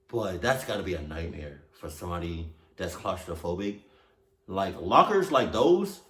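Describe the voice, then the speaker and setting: A man's voice: lowish voice, a bit bright. Slangy man reacting in a roomy room. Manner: slangy and profane, blurts reactions. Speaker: reaction video host. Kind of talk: casual reaction commentary. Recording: roomy echo.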